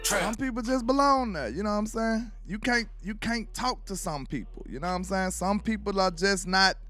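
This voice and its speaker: A man's voice: high voice, expressive, normal speed, sharp tone, soft background music. A man from Alabama with a Southern accent hosts casual sports commentary, loose and trash-talking, forever asking if you know what he's saying.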